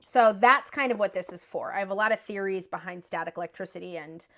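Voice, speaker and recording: A woman in her thirties, a guest on a podcast, talking in an animated, casual way, often laughing and swearing casually. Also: mid-range voice, fast talker.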